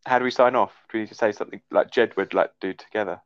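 Lower-voiced man, dry casual chat. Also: steady tone, very fast. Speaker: podcast guest. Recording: dull lo-fi sound.

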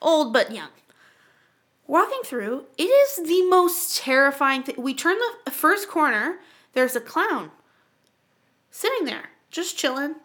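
A young woman from Canada, co-hosting a podcast, telling a story in an animated, profane way and acting out the voices. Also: high voice, takes it slowly. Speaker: podcast co-host. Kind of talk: casual storytelling chat.

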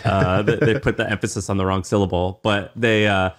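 Excitable man co-hosting a podcast. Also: fairly low pitch, a little fast. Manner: excitable, stumbling restarts, animated retelling. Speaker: podcast co-host. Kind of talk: casual podcast chat.

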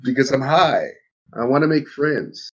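A man's voice: medium pitch, animated, a little slow, dull audio. A man playing a tabletop game, goofy and laid-back. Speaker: player. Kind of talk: casual game chat.

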